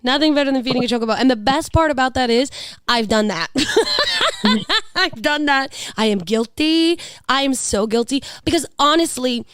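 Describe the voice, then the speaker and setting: A woman's voice: high voice, big pitch swings, moderate pace, a bit bright, clean tone, dry recording, studio quality. A woman in her thirties with a New York accent, talking and laughing in a casual podcast chat. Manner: chatty, laughing, swearing, restarts often. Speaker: podcast co-host.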